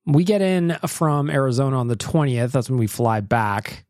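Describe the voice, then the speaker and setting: A man's voice: mid-range voice, lively intonation, normal speed, darkish tone, no echo, studio quality. A man hosting a casual podcast, easygoing and teasing, often laughing as he talks. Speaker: podcast host.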